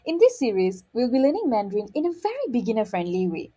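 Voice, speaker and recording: Lively husky woman teaching Mandarin. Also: fairly high pitch, fast. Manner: frequent checking "okay?", playful and encouraging. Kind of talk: friendly beginner language lesson.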